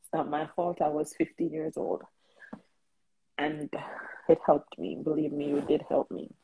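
Woman caller, hesitant and filler-heavy, very husky, gravelly. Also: deep voice, expressive, a little slow, warm tone, low-quality recording. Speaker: caller on a live stream. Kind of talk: personal testimony.

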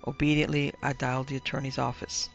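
A man narrating a comic horror story in an even, measured storytelling manner. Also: mid-range voice, gravelly. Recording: dull lo-fi with faint music.

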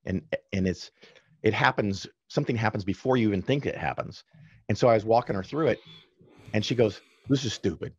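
A man with a fairly low voice tells stories in an easy, chatty way. He breaks off into quick asides and corrects himself as he talks. The sound is dry and a little dull, with a lo-fi edge. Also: lively intonation, husky, no room sound. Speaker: podcast guest. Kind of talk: casual storytelling in conversation.

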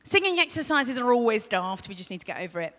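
A woman from England, teaching a live vocal masterclass, chatty and demonstrative, with loud sung demos and soft asides. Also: on the high side, sing-song, fast talker. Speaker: vocal coach. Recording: long hall reverb.

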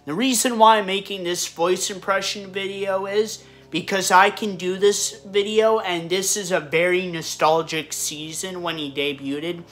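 A man's voice: sits high, steady tone, unhurried, few pauses, a bit bright. A man talking casually to camera as a video creator, rambling and stumbling over his words. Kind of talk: casual vlog talk.

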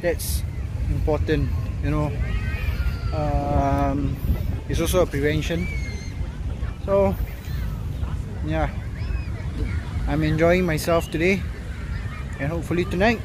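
A man's voice: fairly high pitch, fairly even intonation, slow pace, long pauses. A man talking casually to camera outdoors on a beach as a fishing vlogger, calling his viewers guys. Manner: chatty, addresses viewers as guys. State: out of breath. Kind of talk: casual vlog talk to camera. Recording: noisy outdoor recording.

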